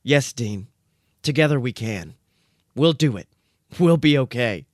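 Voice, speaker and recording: A man voicing a big, anxious male dog, the younger brother, with high, strained barking yelps. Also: lively intonation, measured pace, no echo, studio quality, close to an everyday voice. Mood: urgent.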